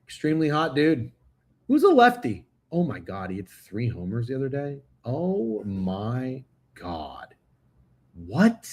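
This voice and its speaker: A man's voice: mid-range voice, sing-song, moderate pace, a little mellow. A man hosting a sports betting livestream, talking casually and profanely, speaking straight to his chat. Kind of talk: casual live-stream chat.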